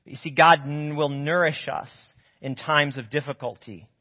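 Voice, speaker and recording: A man preaching a sermon as pastor, telling a Bible story with animated, acted-out voices. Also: on the high side, moderate pace. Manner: animated storytelling, acts out biblical figures' voices. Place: church sanctuary. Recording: muffled audio in a reverberant church.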